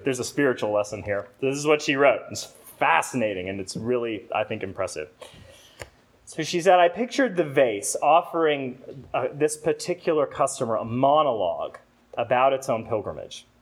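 A man's voice: mid-range voice, expressive, moderate pace. A man, a rector, preaching a sermon and telling a story, acting out a talking vase's complaints as he goes. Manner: storytelling, acts out a talking vase with rising exclamations.

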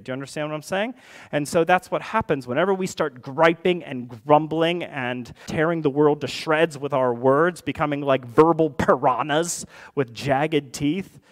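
A pastor delivers a sermon in a conversational tone, slipping in wry asides. His voice sits a touch higher than most men's. He presses into passionate emphasis on key points.

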